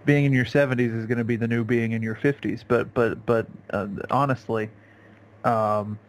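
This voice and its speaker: A man's voice: mid-range voice, steady tone, moderate pace. A man co-hosting a podcast, wry and skeptical, often stammering as he restarts his sentences. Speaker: podcast co-host. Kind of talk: casual podcast banter.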